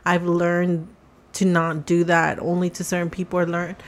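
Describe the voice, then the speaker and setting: A woman telling a story in casual podcast chat, acting out quotes in a higher voice. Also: completely flat delivery, normal speed.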